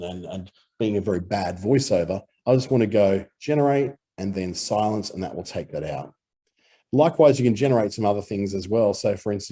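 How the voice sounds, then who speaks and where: Male tutor with an Australian accent, relaxed walkthrough, low and husky. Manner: relaxed explanatory talk with fillers. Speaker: audio editing instructor. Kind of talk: screen-recorded software tutorial.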